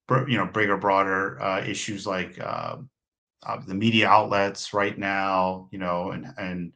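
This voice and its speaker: A man speaking as a consultant guest on a webinar, giving unscripted expert answers with many fillers, restarts and pauses. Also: on the low side, bright, forceful tone.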